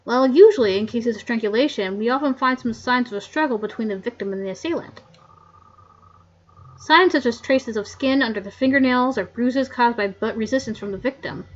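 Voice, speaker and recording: A woman reading the lines of a grumpy old male coroner, loud and gruff, on a muffled lo-fi mic. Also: a little high, brisk, natural voice. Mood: grumbling.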